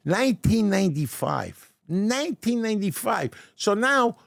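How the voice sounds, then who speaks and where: Animated older New York man, gravelly storyteller. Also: sits high, measured pace, no room sound, studio quality. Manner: animated storyteller with repeated stammering starts. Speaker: guest, deli owner turned actor. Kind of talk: casual storytelling interview. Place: restaurant dining room.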